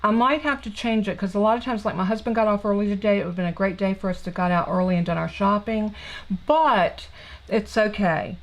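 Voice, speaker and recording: A woman's voice: medium pitch, fairly quick, low-quality recording. A woman with a Southern US accent, hosting a live card-making stream in a chatty, rambling way from her home craft room. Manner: chatty, warm, rambling with fillers and restarts. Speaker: craft channel host. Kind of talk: casual live-stream chat.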